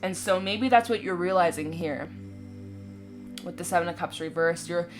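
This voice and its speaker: A woman's voice: lowish voice, normal speed. A woman giving a casual, reassuring tarot reading to her viewers, chatty and full of little check-ins with the listener. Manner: chatty, reassuring, full of "you know" and "right?". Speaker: tarot reader. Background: soft background music.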